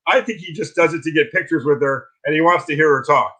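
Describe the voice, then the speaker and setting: A man's voice: fairly high pitch, fast talker, poor audio. Chatty man on a video call. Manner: animated storytelling with restarts. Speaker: guest, philosophy teacher. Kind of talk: casual interview talk.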